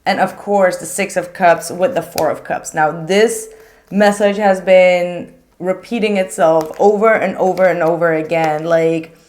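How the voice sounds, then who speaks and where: A young woman giving a casual tarot reading to viewers, chatty and animated, with frequent filler words. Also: lowish voice, unhurried. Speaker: tarot reader.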